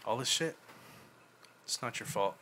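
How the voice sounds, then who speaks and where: A man reenacting a patient older therapist, repeating himself slowly with gentle, firm insistence. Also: medium pitch, expressive, slight background noise, pitched below the performer's own voice. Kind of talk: fan reenactment of a film scene.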